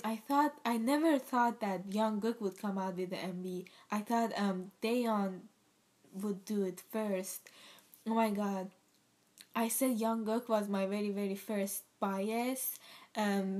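Young woman, reaction vlog host, teary, gushing, unhurried delivery. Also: medium pitch. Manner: emotional and gushing, with many exclamations and fillers. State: teary, near crying. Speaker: video host reacting to a music video.

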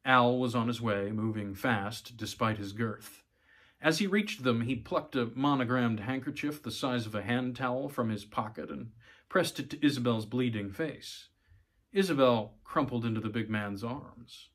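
A man's voice: fairly low pitch, unhurried, a bit bright. Man reading a short story aloud. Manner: occasional small stumbles and repeated words. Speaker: narrator. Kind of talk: audiobook-style story reading.

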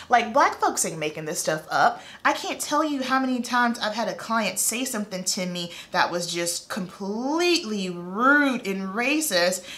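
A woman's voice: medium pitch, animated, measured pace, few pauses, a bit bright. A hairstylist woman in a casual vlog chat, talking in an earnest, emphatic and heartfelt way.

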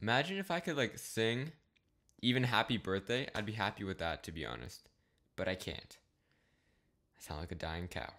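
A young man from Canada hosting a casual reaction commentary, jumping between murmured asides and loud exclamations. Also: fairly low pitch, expressive, moderate pace, long pauses. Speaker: YouTube commentary host.

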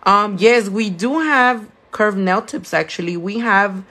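A young woman with a Californian accent, a nail tech who owns her shop, chats casually on a live stream while doing nails. She answers viewer questions and mixes Spanish words into her English. Her voice is medium-pitched, a bit bright and measured in pace.

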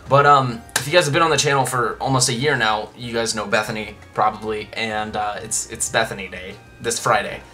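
A man's voice: on the low side, steady tone, brisk, few pauses, sharp tone, soft background music. A young man hosting a casual Let's Play, chatting and rambling with lots of restarts and side comments.

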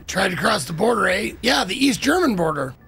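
A man's voice: sits high, sing-song, moderate pace, gravelly, pushed and bright, slightly rough. A man streaming a video game, making goofy, sarcastic asides over the gameplay. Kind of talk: joking gameplay commentary.

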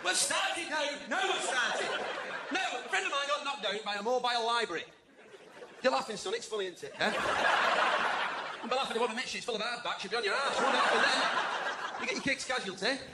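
A man doing stand-up comedy, boisterous and shouting punchlines to a live crowd. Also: very high voice, animated, fast, pauses often, heavy background noise. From England. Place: large indoor venue before a live audience. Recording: echoey venue with loud crowd laughter.

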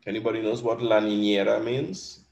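Caribbean guy going over a spanish exam, kinda low voice, keeps saying right?. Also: fairly even intonation, brisk, creaky, a little mellow. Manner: explains patiently, checks in with "right?". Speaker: Spanish teacher. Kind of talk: exam revision lesson.

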